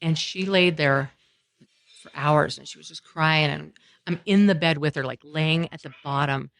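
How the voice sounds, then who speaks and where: A woman's voice: deep voice, normal speed, vocal fry, a bit bright. A woman from Colorado, a podcast guest, telling a long personal story in casual conversation and acting out what people said in strings of run-on phrases. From Colorado, USA. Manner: retells events with many quoted exchanges, run-on phrasing. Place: coffeehouse.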